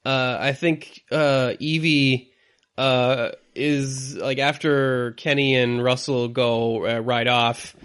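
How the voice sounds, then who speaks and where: A man co-hosting a podcast in casual chat, rambling and halting, often breaking into laughter. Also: medium pitch, fairly even intonation, fairly bright tone, clear, resonant tone. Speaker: podcast co-host.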